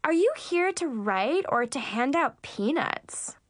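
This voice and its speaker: A fake-sweet, snobby teenage girl who gushes in a high, sugary, drawn-out voice, as a woman narrator puts her on. The sound is close and completely dry, with no room at all. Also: big pitch swings, dry recording, heavily acted. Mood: snooty.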